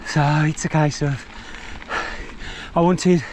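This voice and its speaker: A man's voice: a little high, fairly even intonation, takes it slowly, a little mellow, slight background noise. Chatty man on a bike ride. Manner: chatty, meandering, self-deprecating. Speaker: vlogger reviewing a mountain bike. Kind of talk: rambling ride commentary. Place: outdoors on countryside trails.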